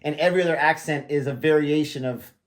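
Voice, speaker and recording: A man's voice: fairly high pitch, fast talker. Chatty American man hosting a reaction. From United States. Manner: jokey, chatty, laughs often. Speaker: reaction channel host. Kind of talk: casual chat. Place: friend's house indoors.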